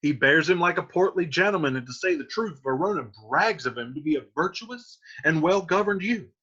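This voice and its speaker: A man's voice: on the high side, expressive, fairly quick, bright, forceful tone, husky, dull audio, voice pushed up, exaggerated voice. A man voicing a commanding older head of a household who scolds a younger relative with authority. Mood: placating.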